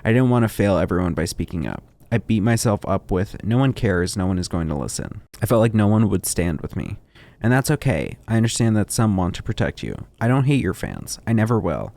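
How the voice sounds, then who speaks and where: A man streaming, reading a written statement aloud in a steady, somber way, with quiet muttered asides. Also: lowish voice, a little fast, vocal fry. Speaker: streamer reacting to online content.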